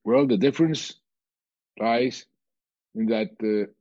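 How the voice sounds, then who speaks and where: A man telling a story in a measured, deliberate way, pausing often and restarting his phrases. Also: mid-range voice, a little mellow, no echo, highs cut off. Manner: measured, with frequent pauses and restarts. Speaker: guest speaker on peace and reconciliation.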